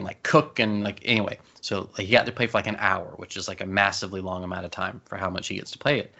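A man with a lowish, bright voice talks casually, telling an animated story with quick asides. The recording sounds dull and lo-fi. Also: gravelly. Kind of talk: casual chat.

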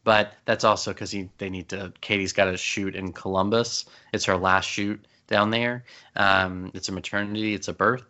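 A man chatting casually, telling an animated story with quick asides. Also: fairly low pitch. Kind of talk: casual chat. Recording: dull lo-fi sound.

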